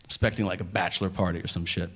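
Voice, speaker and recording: A male stand-up comedian in his forties, telling animated, profane stories on a club stage and slipping into voices for the people in them. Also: deep voice, rapid-fire, big-room sound. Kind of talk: stand-up routine. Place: comedy stage before a laughing audience. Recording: noisy live club recording.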